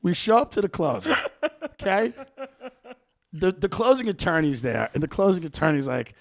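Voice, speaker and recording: A man with a high, gravelly voice tells a comic story as a podcast host. His pitch swings all over as he acts out the people in the tale, and a rough fry runs under his words. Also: expressive, normal speed, long pauses. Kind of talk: comedic storytelling.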